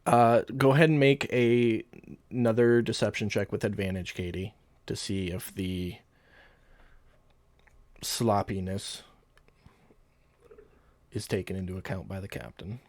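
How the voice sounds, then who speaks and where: A man narrating as game master in a relaxed, casual way, with filler words. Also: lowish voice, unhurried, pauses often, no echo.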